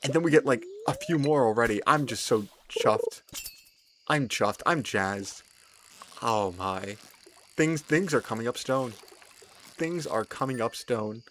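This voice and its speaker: A young man, excitedly commenting on his gameplay, repeating himself and laughing often. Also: mid-range voice, a little slow, slight background noise. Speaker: streamer.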